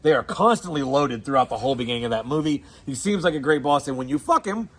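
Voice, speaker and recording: A man's voice: mid-range voice, expressive, fast, breathy edge. A man with a Southern US accent co-hosting a casual movie chat, rambling and profane, laughing often. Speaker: co-host.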